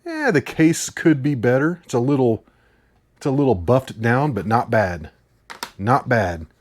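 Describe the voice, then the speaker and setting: A man chatting casually as he unboxes a haul, eager and a little rambling. His voice sits at an ordinary middle pitch, and he laughs easily between his thoughts. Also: very animated, a little slow, darkish tone, a little hiss or hum. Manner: enthusiastic, rambling, laughs often. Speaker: host.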